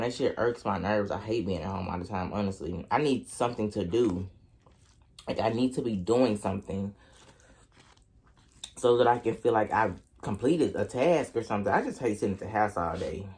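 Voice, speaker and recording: A young man from Oklahoma with a local accent, telling a profane, animated dating story while eating on camera. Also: fairly low pitch, moderate pace. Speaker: vlogger. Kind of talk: storytime mukbang.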